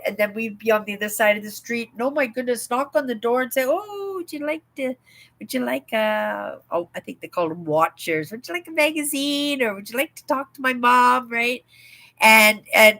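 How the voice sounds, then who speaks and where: Older woman host, rambling home livestream chat, slightly high voice, tagging "right?" onto her lines. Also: fairly bright tone, low-quality recording. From Canada. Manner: chatty, rambling, often asks "right?".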